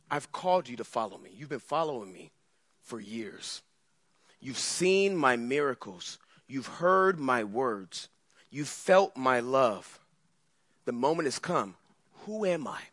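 A man preaching a sermon, voicing a solemn adult male rabbi who asks his followers slow, pleading questions. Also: mid-range voice, a bit bright, no room sound, clean studio sound, heavily acted.

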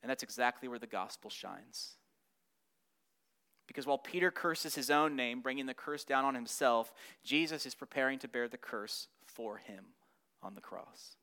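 A man's voice: mid-range voice, normal speed, bright, forceful tone. A man teaching a Bible study lesson, acting out the quotes with rising and falling intensity.

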